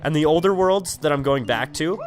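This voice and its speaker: A man's voice: fairly high pitch, lively intonation, brisk. A young man giving rambling, casual commentary over his gameplay, full of ums, likes and swearing. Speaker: let's play gamer. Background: game music.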